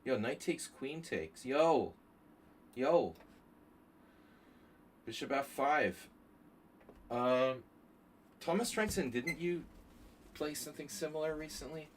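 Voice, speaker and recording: This blitz chess streamer speaks slowly in a fairly high, expressive voice, pausing often as he thinks aloud about his moves. He chats with viewers during the live game, and slight background noise is audible.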